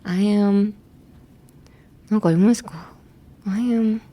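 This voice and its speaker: A woman's voice: mid-range voice, a little slow, dark tone. Chatty bilingual woman teaching English. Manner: chatty, laughs often, slips between English and Japanese. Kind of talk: bilingual casual lesson.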